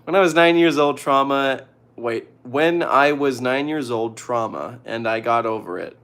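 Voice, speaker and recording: A young man casually reading out viewer questions and giving joking, deadpan advice. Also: mid-range voice, a little slow, clean tone. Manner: reads questions aloud, jokey deadpan answers. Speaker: streamer answering viewer questions.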